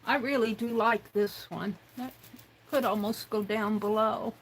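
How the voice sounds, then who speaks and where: Her voice is fairly high with fairly even intonation, captured in a low-quality recording with a bit of hiss or hum. She hosts a casual craft livestream, leisurely musing aloud as her hands work and occasionally addressing herself in the third person.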